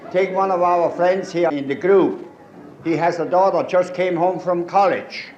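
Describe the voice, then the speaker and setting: A comedian with a Pennsylvania Dutch accent performs a live stand-up set of folksy jokes and dry one-liners, his high-pitched voice unhurried, darkish, and fairly even in intonation. The audio is dull, from an old recording in a roomy hall full of crowd sound and hiss.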